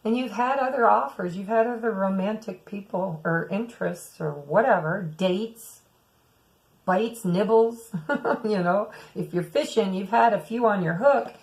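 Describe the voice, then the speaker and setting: Gravelly-voiced woman reading tarot. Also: medium pitch, measured pace, poor audio. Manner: musing, speaks to viewers as "some of you". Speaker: tarot reader.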